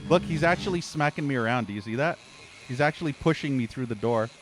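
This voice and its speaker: A man's voice: mid-range voice, animated, fast talker, over music. Profane, frustrated gaming streamer man. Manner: frustrated, profane ranting with frequent exasperated sighs. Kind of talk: live game commentary.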